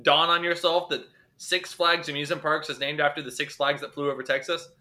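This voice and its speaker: Bright-voiced joking podcast man. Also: fairly high pitch, flat delivery, brisk. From North Carolina, USA. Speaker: podcast co-host. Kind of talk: casual podcast banter.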